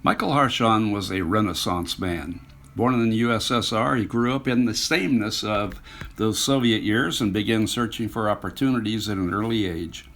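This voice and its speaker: A man from the United States giving scripted narration of a travel story, measured, with occasional filler pauses. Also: fairly low pitch, fairly bright tone.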